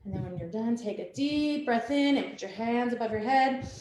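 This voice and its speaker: A woman teaching a family yoga class from home over a video call, giving gentle, calm instructions with soft laughs. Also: on the high side, normal speed. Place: at home, with a dog nearby. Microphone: webcam on a video call. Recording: roomy home room with faint background noise.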